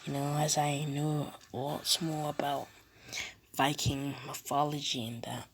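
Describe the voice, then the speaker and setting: A woman narrating an improvised fan story, rambling and halting. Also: sits low, little pitch movement, slight background noise.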